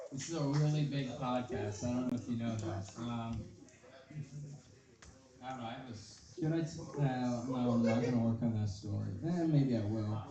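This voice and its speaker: Young man doing rambling deadpan stand-up. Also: mid-range voice. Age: young adult. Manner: self-deprecating, rambling, deadpan. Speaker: stand-up comedian. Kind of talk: stand-up set. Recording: echoey club from far off. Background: crowd noise.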